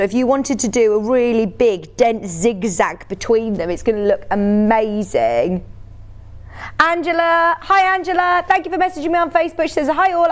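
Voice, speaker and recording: Bubbly, chatty woman selling fabric on TV. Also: sits high. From United Kingdom. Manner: chatty and bubbly, laughs often. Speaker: shopping channel presenter. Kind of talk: live TV sales pitch.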